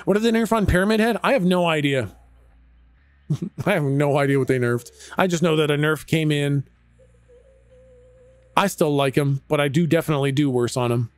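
A man's voice: fairly high pitch, normal speed, pauses often, no room sound. A Canadian man casually chatting with his viewers while streaming a game, laid-back and chatty, with frequent laughs and some swearing.

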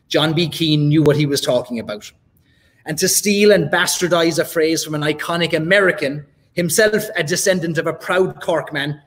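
An Irish man delivering a rousing, theatrical prepared speech as part of a live whiskey debate. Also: on the high side. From Ireland. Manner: oratorical, rhetorical, theatrical.

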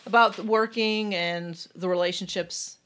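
A woman in a casual podcast chat, mid-pitched and conversational. She asks curious follow-up questions and reacts quickly, often with exclamations. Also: steady tone, a bit bright, smooth. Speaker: podcast co-host.

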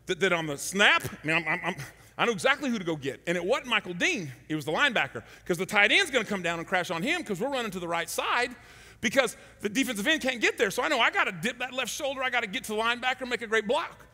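Man, middle-aged, pastor, sermon storytelling, high pitch, echoey hall. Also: quick pace. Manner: animated, acts out shouted quotes. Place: large church hall.

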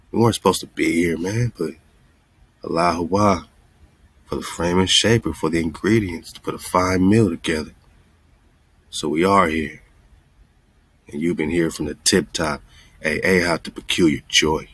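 A man's voice: sits low, a bit bright, slightly rough, no echo. A man hosting his own channel, chatting casually and rambling to viewers about a community fundraiser, dropping "man" and "you know" often. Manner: laid-back, rambling, says "man" and "you know" a lot.

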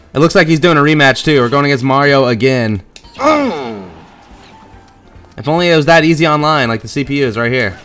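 A man giving excitable, profane gameplay commentary, trash-talking and yelling at the screen. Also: mid-range voice. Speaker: gaming channel host.

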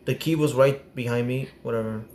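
A young man commentating a horror game as he plays, excitable and prone to sudden yelps and swearing. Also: medium pitch, brisk, echoey room, a little hiss or hum. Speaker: gaming streamer. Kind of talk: gameplay commentary.

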